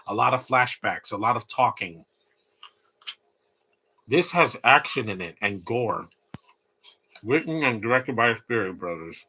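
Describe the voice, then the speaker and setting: A man's voice: mid-range voice, pushed and bright, husky. A man hosting a casual live movie commentary, rambling and opinionated with blunt asides.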